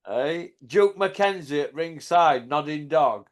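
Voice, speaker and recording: A man's voice: a little high, animated, takes it slowly. A man hosting a casual, jokey chat and mocking people in slangy banter. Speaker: channel host. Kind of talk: casual banter about boxing.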